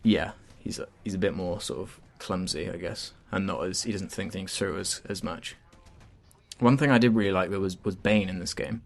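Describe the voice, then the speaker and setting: Casual young-sounding man reviewing a game, low voice. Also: normal speed, creaky. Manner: chatty, hesitant, many fillers and restarts.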